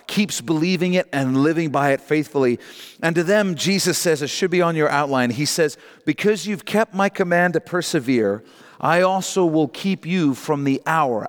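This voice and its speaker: A middle-aged man preaching a sermon, emphatic and rising in pitch on key points, slowing down to read scripture aloud. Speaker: pastor. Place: church sanctuary. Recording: long hall reverb.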